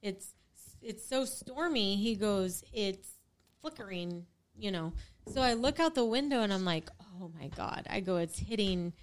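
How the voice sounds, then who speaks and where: A young woman in casual chat, telling a story with lively quotes and casual swearing. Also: mid-range voice, a little slow, slight background noise. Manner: animated, swears freely, acts out quotes.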